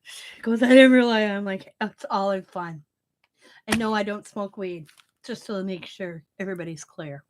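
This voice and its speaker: A woman's voice: medium pitch, fairly even intonation, moderate pace, slight background noise. A middle-aged woman hosting a crafting channel, chatting casually, laughing often and breaking off to restart her sentences.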